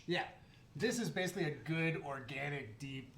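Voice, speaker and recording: A man's voice: on the high side, moderate pace. Man talking shop in an echoey room. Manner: relaxed, joking, with fillers and restarts. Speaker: chocolate maker. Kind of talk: casual interview. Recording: echoey room with faint noise.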